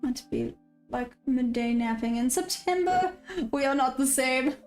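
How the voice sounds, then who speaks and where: A woman's voice: high-pitched, moderate pace, darkish tone. A South African woman hosting a live trading stream, chatting casually and answering viewers' comments. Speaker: day-trading livestream host. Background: faint background music.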